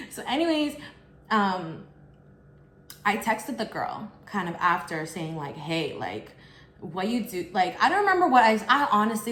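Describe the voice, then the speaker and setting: A woman telling a personal story while eating, chatty and expressive with lots of fillers. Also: mid-range voice, slight background noise. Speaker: vlogger. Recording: echoey room.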